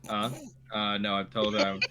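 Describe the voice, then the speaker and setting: A man's voice: lowish voice, completely flat delivery, normal speed, background noise. A man narrating a tabletop game as game master, laid-back and full of fillers.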